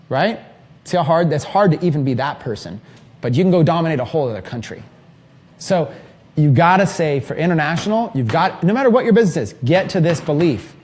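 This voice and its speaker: A man in his thirties giving an energetic, rambling live seminar talk to a small group in an event room. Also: fairly high pitch. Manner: energetic, rambling, filler-heavy. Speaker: mastermind trainer.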